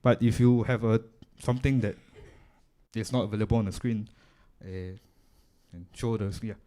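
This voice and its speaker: A man's voice: fairly low pitch, steady tone, moderate pace, mellow. A man with a Singaporean English accent presents a live audio workshop, explaining gear in a casual, chatty way while chewing gum. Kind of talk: live technical demonstration. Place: live event room.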